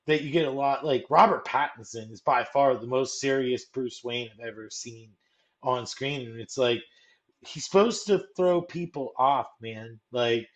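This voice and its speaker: A man's voice: medium pitch, measured pace, muffled recording. A young man co-hosting a casual movie chat, rambling and filling his talk with "like". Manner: rambling, full of "like", acts out quotes. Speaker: co-host.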